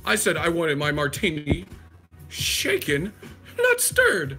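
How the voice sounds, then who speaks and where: A man voicing a fussy, prissy posh gentleman, high and exaggerated, to mock someone. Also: huge pitch swings, slow pace, soft background music, full character voice. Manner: mocking, high-pitched, exaggerated.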